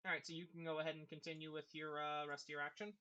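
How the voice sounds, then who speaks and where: A game master narrating a tabletop game scene in a rambling way, full of pauses and restarts. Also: mid-range voice, flat delivery, pushed and bright, clean tone, dull audio. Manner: rambling, many fillers and restarts.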